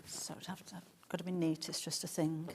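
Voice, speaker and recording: A middle-aged woman presenting on a live shopping stream. She chats warmly about the fabric and reads out viewer comments as she goes. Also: low-pitched, little pitch movement, fairly quick, slight background noise.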